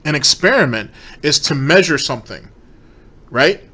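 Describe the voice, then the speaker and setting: A man's voice: fairly high pitch, animated, moderate pace, sharp tone, slightly rough. A man giving blunt, profane reaction commentary, driving points home with repetition.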